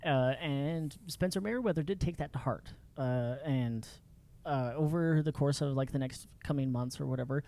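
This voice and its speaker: A man telling lively stories in a casual podcast chat, laughing often. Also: medium pitch, normal speed. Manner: animated, laughing storyteller.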